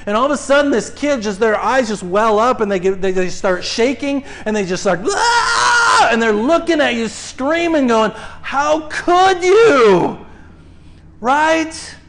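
A man preaching to his congregation, telling a lively story full of acted-out cries, then leading a slow, hushed prayer. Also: very high-pitched, slight background noise. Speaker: pastor. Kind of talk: sermon. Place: church sanctuary.

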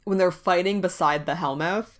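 A woman's voice: lowish voice, moderate pace. Wry sarcastic female podcast co-host. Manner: wry, sarcastic, laughs often. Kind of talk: casual chat.

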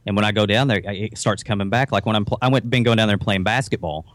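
Podcast guest: man with a softened Kentucky Appalachian twang, low-pitched, dry, relaxed storyteller. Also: quick pace, dry recording. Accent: Appalachian Kentucky, toned down. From southeastern Kentucky. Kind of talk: casual podcast chat.

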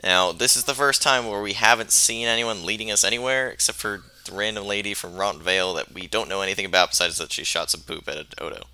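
A man's voice: fairly low pitch, fast talker, hardly any pauses, bright, forceful tone, clear, resonant tone. A man in casual chat about a video game, laid-back, laughing as he argues his point.

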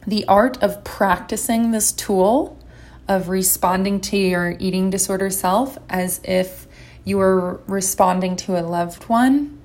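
A woman giving a gentle, encouraging instructional talk as a recovery coach. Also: medium pitch, slow.

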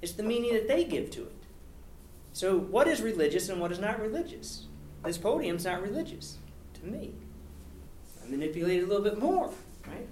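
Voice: medium pitch, big pitch swings, brisk, pauses often, a little mellow. A university lecturer giving an academic talk with slides, posing rhetorical questions and often tagging on "right?". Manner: poses rhetorical questions, frequent "right?" tag. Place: lecture hall at a podium. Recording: echoey hall, distant mic, faint hiss.

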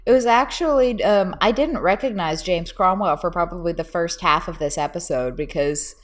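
Young woman cohost, lively storytelling voice, laughs a lot. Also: on the low side, moderate pace. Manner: animated, laughs often, quotes lines in voices. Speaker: podcast co-host. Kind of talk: casual chat.

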